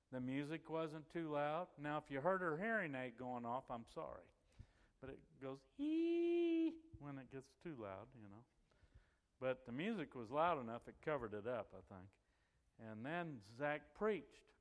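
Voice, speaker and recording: A middle-aged man spins a folksy, chatty anecdote and slips into the voices of the people he quotes. His voice sits at an ordinary pitch and carries a long reverb, as if he is speaking in a big hall. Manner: chatty and animated, acts out quoted voices and laughs as he goes. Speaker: church member telling a story.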